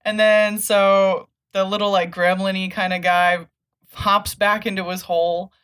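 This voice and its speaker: A woman's voice: mid-range voice, a little slow, clear, resonant tone. A woman casually recapping a comic story on a podcast, acting out the characters' lines with laughs. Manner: animated retelling, acts out characters' lines with laughs. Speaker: podcast host.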